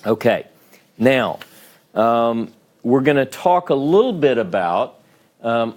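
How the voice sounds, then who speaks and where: A man with a Southern drawl lectures at an unhurried, deliberate pace. He walks through each point methodically, often pausing to ask whether the class is following along. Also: medium pitch, darkish tone. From Southern United States. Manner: patient step-by-step explaining, checks in with "okay?" and "right?". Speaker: Hebrew teacher.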